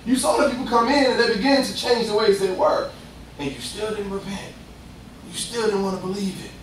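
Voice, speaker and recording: Echoey preacher, lively and high. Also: male voice, brisk, a little hiss or hum. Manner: lively, conversational, acts out voices, laughs often. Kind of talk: sermon. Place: church. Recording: echoey distant room sound.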